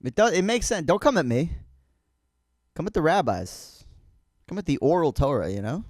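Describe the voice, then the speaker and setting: A man with a fairly high voice riffs in a rambling, sardonic comedic monologue, his pitch leaping up and down as he goes. He restarts often and drops to a softer, halting tone when he gets personal. The sound is dry and close, with no room around it. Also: big pitch swings, no room sound. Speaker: podcast host.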